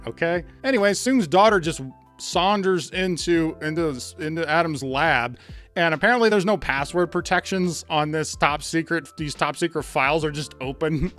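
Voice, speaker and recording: A man giving a casual, sarcastic review of a TV episode, exasperated and animated. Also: on the high side. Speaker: show reviewer.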